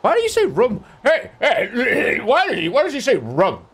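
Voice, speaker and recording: A man's voice: huge pitch swings, normal speed, a bit bright, slightly rough, heavily acted. A man putting on a mock-outraged voice of someone offended by how another person pronounces words. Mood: mock outrage. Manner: shrill, incredulous, mock-outraged. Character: indignant adult man mocking an accent.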